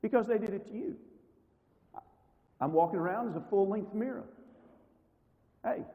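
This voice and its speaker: Mellow-voiced man teaching a church class. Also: high voice, lively intonation, normal speed, long pauses, in a large hall, rough recording. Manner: conversational, rhetorical questions to audience. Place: church hall.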